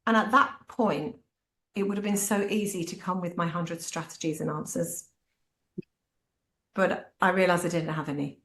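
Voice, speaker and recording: A woman's voice: lowish voice, measured pace. A middle-aged woman, telling personal family stories at a talk and acting out bits of dialogue. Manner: animated, acts out family dialogue. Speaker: parent speaking at a talk. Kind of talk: personal storytelling in a panel talk. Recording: echoey room.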